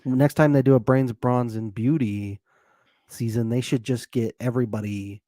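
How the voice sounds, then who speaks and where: A man's voice: mid-range voice, steady tone, normal speed, mellow, no room sound, studio quality. A man co-hosting a casual recap podcast, joking and laughing often. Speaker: podcast co-host.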